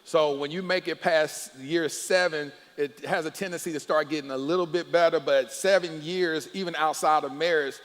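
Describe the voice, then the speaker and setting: A middle-aged man leads a church panel on marriage, loud and animated, often breaking into laughs. His voice sits a bit high for a man. The sound rings with the long reverb of a large hall. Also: moderate pace, few pauses. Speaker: pastor hosting a married-couples panel. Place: church sanctuary.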